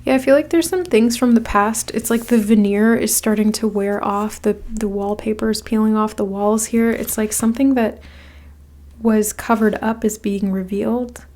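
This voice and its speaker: A woman's voice: mid-range voice, steady tone, moderate pace, darkish tone. A woman giving a casual pick-a-card tarot reading. She speaks straight to the viewer, rambling with many "like"s and restarts as she encourages them. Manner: direct second-person encouragement.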